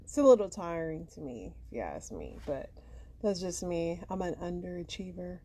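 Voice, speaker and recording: A woman with a low, mellow voice hosts a podcast and introduces each story. Her remarks are dry and wry, delivered in an understated, deadpan way. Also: moderate pace. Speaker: podcast host.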